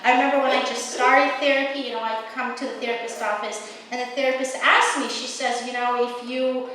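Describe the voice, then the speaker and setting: A young woman performs stand-up in a high, rambling voice full of filler words and self-mockery. She sounds far from the mic, with a long hall reverb and a faint hiss. The tone stays self-deprecating. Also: steady tone, a little fast, fairly bright tone. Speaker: stand-up comedian. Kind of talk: stand-up comedy set. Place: stage in a large hall.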